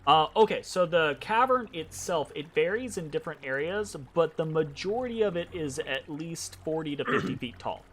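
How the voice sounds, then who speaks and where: A man's voice: a little high, expressive, normal speed, hardly any pauses, a bit bright, slight background noise. A man narrating a tabletop game as game master, hesitant and full of ums and restarts.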